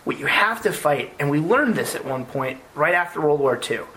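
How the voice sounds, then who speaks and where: A man's voice: a little high, normal speed, low-quality recording. A man, a former army officer, tells stories earnestly in an interview and often repeats words as he goes. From United States. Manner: earnest and animated, with frequent word repeats. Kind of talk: conversational storytelling interview.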